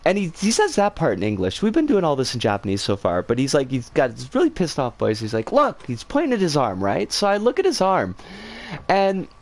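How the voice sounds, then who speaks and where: A woman streamer casually telling a story, animated and swearing freely. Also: a bass voice, fairly quick.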